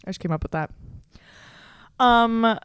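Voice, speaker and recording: A woman's voice: on the high side, a little slow, clean tone, no echo. Young woman podcaster rambling through a story, swears a lot, dead dry sound. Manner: chatty and profane, with lots of fillers and restarts. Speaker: podcast host. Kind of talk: casual storytelling chat.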